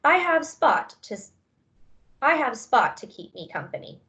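A woman's voice: sits high, big pitch swings, a little slow, pushed and bright, distant mic, voice pushed up, exaggerated voice. A woman voicing a timid, scared little girl in a storybook reading.

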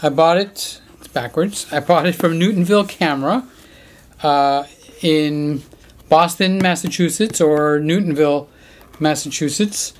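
A man's voice: fairly high pitch, unhurried, slight background noise. A middle-aged man chatting casually in a home unboxing vlog, joking around and talking to his pets in a Christmas-decorated room. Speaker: camera vlogger.

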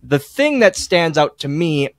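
A man hosting a casual podcast interview, enthusiastic and halting with frequent restarts. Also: a little high, big pitch swings, no echo, studio quality. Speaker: podcast host.

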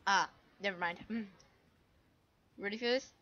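A woman's voice: medium pitch, normal speed, muffled recording, very noisy. A woman giving casual, goofy commentary while playing a game, full of silly sound effects. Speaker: gamer.

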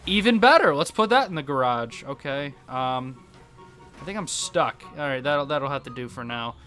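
A young man commentating his own game play, excitable and quick to laugh, yelping when surprised. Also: medium pitch, soft background music. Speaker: gaming YouTuber.

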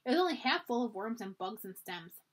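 Woman reading a kids chapter book out loud, husky voice that swoops all over. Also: on the high side, fairly quick. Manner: expressive, animated narration. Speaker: library storyteller. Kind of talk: children's storybook read-aloud.

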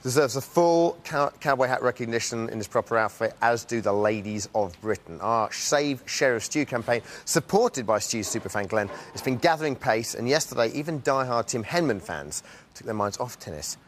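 A man's voice: mid-range voice, lively intonation, normal speed, a bit bright, a little hiss or hum. A man hosting a chat show, chatty, eager and teasing with his guests. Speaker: host.

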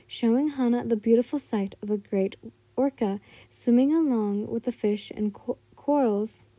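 A woman's voice: on the high side, mellow, no echo. A woman reading fan fiction aloud, often stumbling over words and correcting herself.

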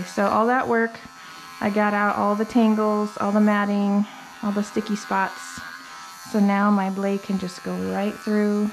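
A woman's voice: mid-range voice, little pitch movement, a little slow. A young woman grooming a dog, casually explaining her steps and cooing at the dog in between. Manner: chatty, talks baby-talk to the dog between explanations. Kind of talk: casual vlog narration while grooming. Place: grooming room with dryer and clippers running. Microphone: camera mic set up in the room. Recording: clipper and dryer noise behind the voice. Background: hair dryer and electric clippers.

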